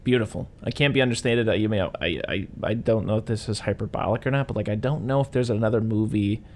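A man with a fairly low voice talks through a favorite film in a relaxed chat. He gets enthusiastic and jumps into little impressions of the characters as he retells scenes. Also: fast, slight background noise. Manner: enthusiastic, acts out quotes in voices. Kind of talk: casual movie discussion.

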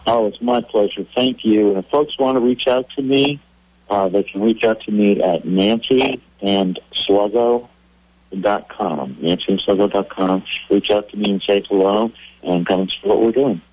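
A husky-voiced man calling in as a guest, spinning an animated story. The sound is dry and close, as if over a phone line. His pitch climbs as the story gets exciting. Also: a little slow, dry recording. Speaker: cartoonist guest.

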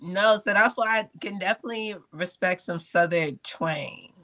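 A man co-hosting a podcast, talking in an animated, blunt, joking way. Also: sits high, moderate pace, no room sound. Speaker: podcast co-host. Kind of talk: casual podcast chat.

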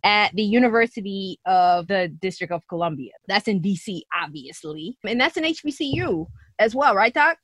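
A woman hosting a podcast interview in a lively, playful way, laughing often. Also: mid-range voice, moderate pace, hardly any pauses, no room sound. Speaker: podcast host.

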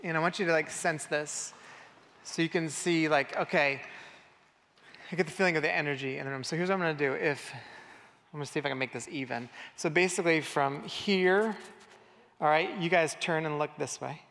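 Gravelly-voiced casual preacher in a hall. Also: male voice, on the high side, fairly quick, a bit bright. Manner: conversational, filler-heavy, audience-directing. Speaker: pastor. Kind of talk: casual sermon to a congregation. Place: church hall. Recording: reverberant hall.

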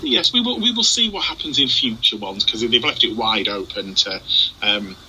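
Bright-voiced man in halting, dry chat. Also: mid-range voice, expressive, a little hiss or hum, rough recording. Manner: hesitant, full of ums and restarts, dry humour. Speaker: podcast co-host. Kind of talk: casual chat.

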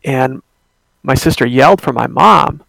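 A man's voice: mid-range voice, expressive, unhurried, vocal fry, a bit bright, no room sound. A young man telling a personal ghost story in a casual, rambling way, with many fillers and restarts.

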